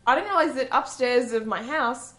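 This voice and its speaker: A woman's voice: sits high, animated, normal speed, a bit bright. A woman co-hosting a community radio show, chatting casually, laughing often and acting out funny quotes. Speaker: radio co-host.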